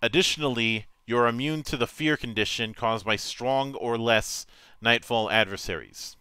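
A game master reads tabletop rules aloud in a measured, matter-of-fact way, stumbling now and then over a word. His mid-range voice is bright, forceful and clean, recorded dry and close with no room sound.

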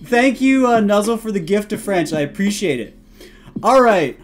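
A man streaming a live reaction to a video, playful and prone to bursts of loud hype yelling. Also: high-pitched, lively intonation, moderate pace, soft background music.

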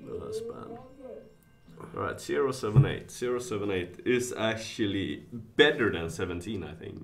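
A man streaming live, thinking aloud, reading chat and getting excitable. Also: lowish voice, moderate pace, music in the background. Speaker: casino streamer.

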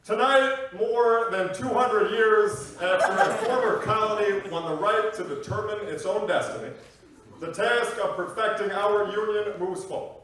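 A man doing an impression of a famous male president, with a slow, deliberate cadence and stately pauses, on stage at a live comedy show. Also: sits high, a little hiss or hum, voice pushed up. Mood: oratorical. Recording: echoey room, distant mic, loud crowd.

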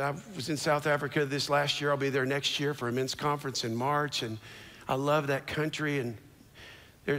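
Pastor preaching with swelling intensity. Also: male voice, in a large hall. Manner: preaching with dramatic swings from low murmur to shouting. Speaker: pastor, church founder. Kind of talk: sermon. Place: large church auditorium.

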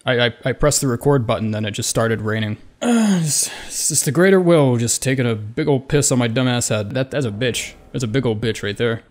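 A man's voice: medium pitch, brisk, hardly any pauses. A young man giving casual, profane commentary over a game, talking back at enemies with sarcasm and stammered restarts. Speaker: gaming YouTuber.

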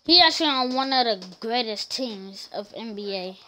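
A woman's voice: a little high, moderate pace. A woman streaming a game, chatting casually and telling rambling stories as she plays. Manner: rambling, animated storytelling. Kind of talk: casual gameplay commentary.

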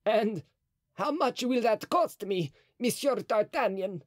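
A man voicing a scheming, frightened old Italian cardinal in an audiobook, with a shrill, crafty, nervous manner. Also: animated, slow pace, dry recording, clean studio sound, exaggerated voice. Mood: alarmed.

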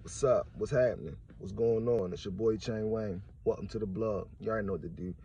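A man's voice: fairly low pitch, steady tone, a little fast, warm tone, a little hiss or hum. Laid-back slangy man vlogging. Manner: laid-back slangy talk with "bruh" and "like" fillers; frustrated, exasperated. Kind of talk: casual commentary vlog.

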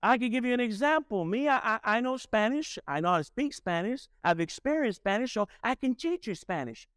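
Male pastor, sermon delivery, emphatic and questioning, high register, dry close sound. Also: animated, brisk, a bit bright, clean tone, dry recording. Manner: emphatic preaching with rhetorical questions to the congregation.

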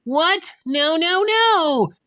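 Woman voicing a shrill furious teenage girl. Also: takes it slowly, clean tone, dry recording. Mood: shouting. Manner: shrill, shouting. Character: grieving teenage girl student, quick-tempered.

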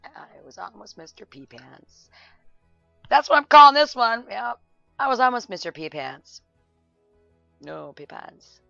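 A woman casually commenting on a life-sim game, excitable, laughing and shouting at the screen. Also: on the high side, a little slow, vocal fry, long pauses, no echo, lo-fi sound, soft background music. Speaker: gameplay video host.

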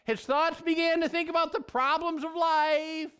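A middle-aged male pastor preaching a sermon in an earnest, folksy storytelling way with animated asides. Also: extremely high pitch, normal speed.

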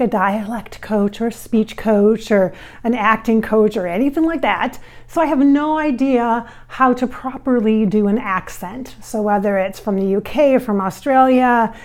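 A woman from the American Midwest who channels spirits talks casually to camera into a microphone, responding to viewer comments. Her voice is on the high side at a moderate pace with hardly any pauses, and she's chatty and reassuring, using fillers and restarting sentences.

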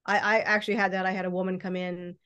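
A woman's voice: mid-range voice, flat delivery, quick pace, a bit bright, smooth, lo-fi sound. A woman speaking as a guest in a casual podcast chat, rambling along with many restarts and hesitations. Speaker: guest mystic. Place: podcast recording, remote or studio.

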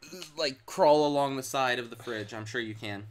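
A man's voice: mid-range voice, normal speed. A man in a gaming video, joking and teasing the player with dry wisecracks. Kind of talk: casual let's-play banter.

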